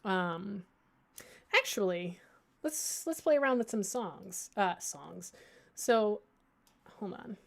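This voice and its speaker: A woman at an ordinary pitch walks a class through audio editing in a relaxed, chatty way. She pads her sentences with fillers, restarts mid-thought and jokes at her own slips. It sounds like an informal library workshop, not a script. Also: takes it slowly, creaky, long pauses. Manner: chatty, many fillers and restarts, thinks aloud; playful, lightly self-mocking. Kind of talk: casual screen-share software tutorial.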